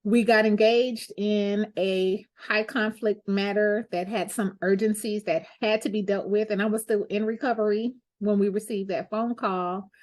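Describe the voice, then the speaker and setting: A woman's voice: mid-range voice, fairly even intonation, measured pace, hardly any pauses, a little mellow. A woman, a lawyer hosting her own show, sharing a candid, heartfelt personal reflection in a conversational way.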